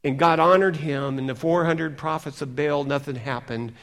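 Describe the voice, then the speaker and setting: A male pastor preaching a sermon, telling a story dramatically and swinging from loud emphasis to hushed near-whispers. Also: a little high, moderate pace.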